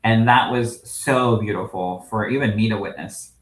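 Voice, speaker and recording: A man co-hosting a podcast as a medium, telling stories in a lively way, laughing often and greeting live viewers. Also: on the low side, moderate pace, reverberant, low-quality recording. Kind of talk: casual livestream chat.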